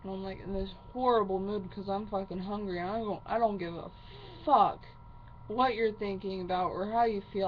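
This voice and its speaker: A woman's voice: mid-range voice, fairly even intonation, fairly quick. Swearing, ranting woman on a muffled recording. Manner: heavy swearing, fiery and upset. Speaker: vlogger. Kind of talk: angry personal rant to camera. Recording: muffled lo-fi recording with faint hiss.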